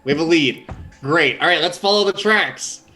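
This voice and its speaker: A man's voice: fairly high pitch, lively intonation, moderate pace, bright, forceful tone. A man playing in a tabletop game, giving short, agreeable replies and asking about the rules. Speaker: player. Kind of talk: casual game table chat.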